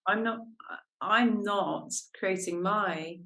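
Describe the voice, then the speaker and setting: A woman's voice: mid-range voice, slow pace, sharp tone. A woman co-hosting a podcast, candidly sharing a personal story in a self-reflective, casual chat. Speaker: podcast co-host.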